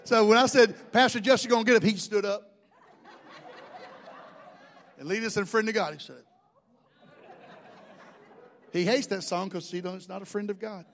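A man's voice: high-pitched, moderate pace, creaky, long pauses, a little hiss or hum. A middle-aged man, preaching a sermon in a folksy, joking storytelling way. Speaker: pastor.

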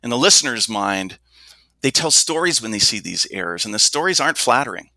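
A middle-aged man who works as a communication coach, explaining things in a measured, instructive way and demonstrating his points with his own voice. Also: mid-range voice, sing-song, sharp tone, no echo. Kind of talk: explanatory interview talk.

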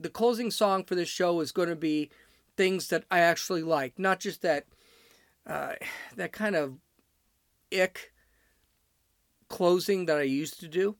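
A man's voice: high voice, lively intonation, measured pace, pauses often, a bit bright, dry recording, clean studio sound. A man from Chicago hosting his podcast, talking in a blunt, rambling, off-the-cuff monologue. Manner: blunt, ranting and digressive. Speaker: podcast host.

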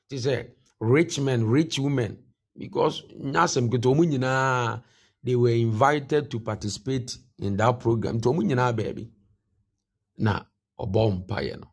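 Ghanaian pastor with a gravelly voice. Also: male voice, medium pitch. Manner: mixes Twi and English, repeats key phrases for emphasis. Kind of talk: morning devotion sermon.

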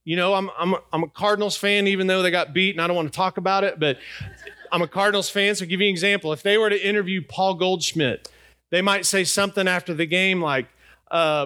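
Middle-aged guy pastor preaching, kinda high voice, chatty, keeps asking the crowd stuff. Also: steady tone, quick pace, pushed and bright, clear, resonant tone. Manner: conversational preacher, rhetorical questions to the congregation. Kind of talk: sermon.

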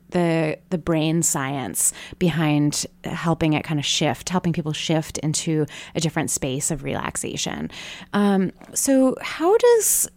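A woman's voice: low voice, a little mellow, no room sound. A woman hosting an interview, asking long meandering questions with hesitant fillers. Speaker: podcast host.

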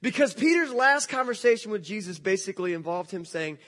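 A male pastor retelling a story to a church congregation, speaking in a casual, jokey, animated way. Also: sits high, normal speed. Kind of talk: sermon storytelling.

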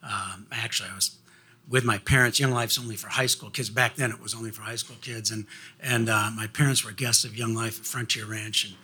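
A man telling a personal story in an animated way, laughing often and restarting his sentences. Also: lowish voice, fairly quick, breathy edge.

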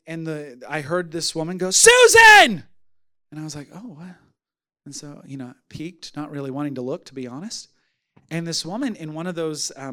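A man preaching a sermon as pastor, telling a story with lively acted-out voices. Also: high-pitched. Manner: animated storytelling, acting out voices.

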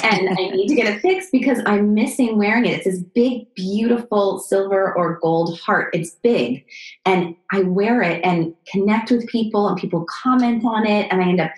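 A woman's voice: mid-range voice, normal speed. Earnest woman host in an echoey room. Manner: earnest, affirming. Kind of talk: conversational interview.

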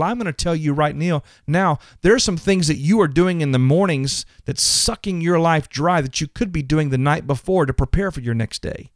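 A man's voice: a little high, moderate pace, hardly any pauses, dry recording, clean studio sound. A man hosting a motivational faith podcast, earnest and emphatic, often repeating his words. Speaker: podcast host.

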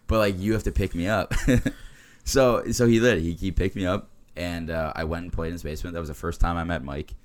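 A man in his twenties with a remarkably low, deep voice. He talks in a loose, laid-back way, rambling through stories with frequent laughs and fillers, like a podcast guest among friends. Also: fairly even intonation, a little fast. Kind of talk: casual podcast chat.

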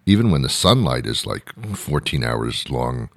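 Male host, very low voice, dry close sound, wry and meandering delivery. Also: big pitch swings, measured pace, creaky, dry recording. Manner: wry, meandering, laughs at own jokes. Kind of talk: rambling monologue.

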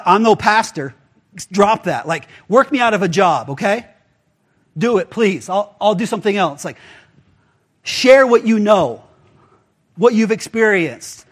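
A man with a high voice preaching in a loose, conversational way. He talks to the congregation like friends and slips into little acted-out voices for the people in his stories. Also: a little slow, husky. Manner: casual and animated, acts out quoted voices. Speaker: pastor. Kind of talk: conversational sermon.

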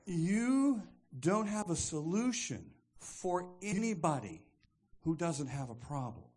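A man preaching a sermon in an animated way, often repeating words as he restarts a thought. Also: a little high, takes it slowly, slightly rough.

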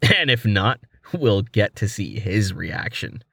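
A man's voice: on the low side, very animated, slow, vocal fry, a bit bright, slightly rough, no echo, studio quality, heavily acted. A man voicing a playful young male adventurer in armor, in a casual, everyday voice. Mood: joking.

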